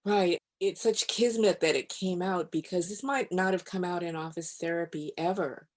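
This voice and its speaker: A woman who is a physician and author, guest on a podcast interview, telling stories in a calm, measured way. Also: fairly low pitch.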